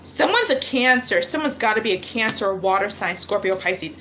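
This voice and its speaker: A woman's voice: medium pitch, expressive, a little fast, background noise. A woman reading tarot cards on a livestream, thinking aloud and repeating her questions to spirit. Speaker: tarot reader. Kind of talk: live-streamed tarot reading.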